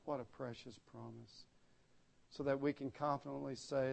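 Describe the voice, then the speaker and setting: A man preaching a sermon, moving between loud emphatic passages and hushed, solemn low drops. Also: fairly even intonation, moderate pace, vocal fry.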